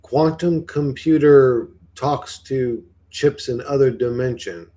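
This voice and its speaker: A man's voice: mid-range voice, slow, warm tone. A man livestreaming who rambles, swears freely and keeps firing questions back at his chat in casual talk.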